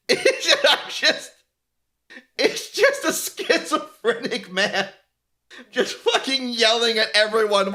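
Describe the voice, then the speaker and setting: A man streams while painting miniatures, ranting in a high, bright voice. He takes his time over his words, swears freely and keeps breaking into laughter while he mocks others in quoted voices. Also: expressive, takes it slowly, pauses often. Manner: profane, laughing often, mock-quoting others. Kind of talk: casual ranting commentary.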